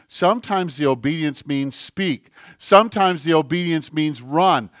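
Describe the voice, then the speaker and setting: A man's voice: on the high side, a little slow, hardly any pauses, no room sound, studio quality. A man preaching a sermon as pastor, earnest, with a repetitive, building cadence.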